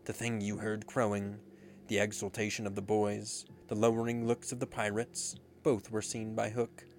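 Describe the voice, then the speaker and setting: A man narrating a storybook in a measured, dramatic way. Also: lowish voice, little pitch movement, a little mellow, slight background noise. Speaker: audiobook narrator. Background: background music.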